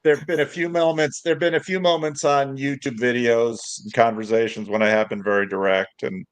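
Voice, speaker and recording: A man who works as a pastor, chatting casually on a livestream in a reflective, halting way with many restarts. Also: medium pitch, flat delivery, clear, resonant tone.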